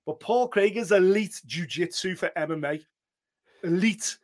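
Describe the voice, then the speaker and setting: A man's voice: high-pitched, a little slow. A man co-hosting a sports podcast in casual chat. He delivers short, emphatic verdicts. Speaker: podcast co-host.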